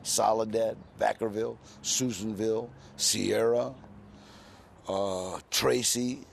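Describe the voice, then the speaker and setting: A gravelly-voiced man in his sixties tells his stories in a relaxed, streetwise way, leaning on "you know" between thoughts. The voice sits at an ordinary middle pitch with a rough, crackly edge. A faint hiss runs under the recording. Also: slow. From California, US. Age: 60s. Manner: laid-back, streetwise storytelling with frequent "you know". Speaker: interview guest. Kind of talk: casual storytelling interview.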